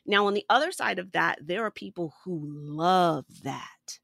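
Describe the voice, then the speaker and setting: A woman stand-up comedian, a guest on a podcast, telling stories in an animated way and laughing often. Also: on the low side, measured pace, gravelly, no echo, clean studio sound. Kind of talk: conversational podcast interview.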